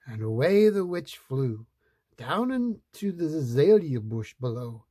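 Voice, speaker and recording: Slow, expressive man reading a storybook. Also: fairly high pitch, dry recording. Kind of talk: reading a picture book aloud.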